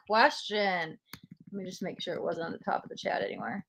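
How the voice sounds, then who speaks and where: A woman's voice: medium pitch, expressive, moderate pace, pushed and bright. A young woman hosting a live-stream tarot reading, emotional and gushing as she talks straight to her viewers.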